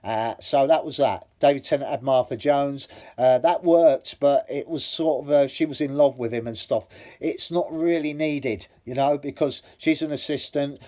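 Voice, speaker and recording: A man talks straight to camera in a blunt, rambling monologue, swearing freely and building heat as he argues. His voice sits at an ordinary middle pitch and has a dark, mellow tone. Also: moderate pace. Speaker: vlogger. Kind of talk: opinionated review monologue.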